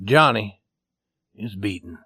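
A man voicing an old innkeeper, a tender but grave father, speaking earnestly and at times flatly calm. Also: fairly high pitch, a little slow, no room sound, clean studio sound, pitched above the performer's own voice.

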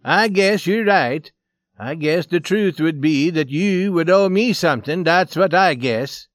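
A man voicing a fierce male brawler who talks loudly and sneers. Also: high-pitched, huge pitch swings, slow pace, breathy edge, no room sound, clean studio sound, pitched above the performer's own voice, exaggerated voice. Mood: mocking. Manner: loud, sneering, drawn out.

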